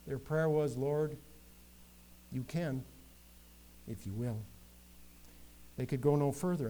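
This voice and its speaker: Man preaching, slightly high voice. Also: mellow. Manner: preaching with rising, emphatic quoted scripture. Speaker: pastor. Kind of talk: sermon.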